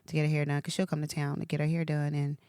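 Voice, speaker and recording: A woman co-hosting a podcast, telling a heartfelt personal story in a soft, emotional, conversational way. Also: low-pitched, flat delivery, very fast, smooth, no room sound. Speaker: podcast co-host, hairstylist. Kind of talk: casual chat.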